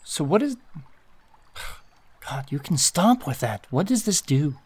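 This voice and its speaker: A man voicing a dry, sarcastic woman adventurer who mocks with slow, drawn-out lines. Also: fairly high pitch, sing-song, a little mellow, breathy edge, exaggerated voice.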